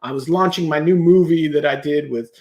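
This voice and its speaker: High-voiced man telling animated stories. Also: roomy sound, highs cut off. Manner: animated storyteller who acts out his own past thoughts; fast bursts with rhetorical "right?" check-ins. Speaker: podcast guest, entrepreneur. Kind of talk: casual interview chat.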